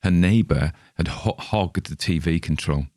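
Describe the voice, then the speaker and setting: A man's voice: low-pitched, measured pace, darkish tone, no echo, studio quality. A middle-aged man hosting his own show, chatting casually and rambling from one topic to the next. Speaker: podcast host. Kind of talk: casual chat.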